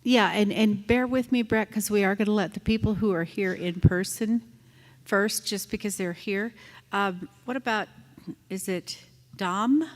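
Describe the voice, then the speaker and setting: A woman chairing a school board meeting, calmly calling out the names of the next speakers. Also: mid-range voice. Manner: unhurried, calls out names. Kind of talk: running a public meeting. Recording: long reverb of a meeting hall.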